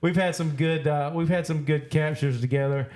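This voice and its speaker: A man hosting a podcast, chatting loosely and jokingly with drawn-out uh's between phrases. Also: a little high, fairly even intonation, a little mellow. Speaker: podcast host. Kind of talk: casual chat.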